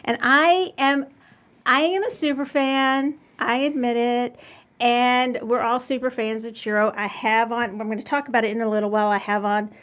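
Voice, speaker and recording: A woman's voice: on the high side, steady tone, moderate pace, a bit bright. Gushing woman hosting a live show. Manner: gushing, enthusiastic, chatty. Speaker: podcast host. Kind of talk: casual live-show chat. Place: store in Carrollton.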